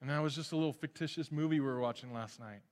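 Joking pastor preaching in a reverberant church. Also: male voice, medium pitch, very fast. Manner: lively, joking, often restarts mid-phrase. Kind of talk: sermon. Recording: long hall reverb.

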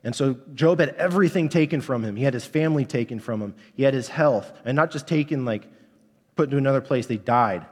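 Candid young pastor preaching in a reverberant church. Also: male voice, mid-range voice, fast talker, a little mellow. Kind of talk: sermon.

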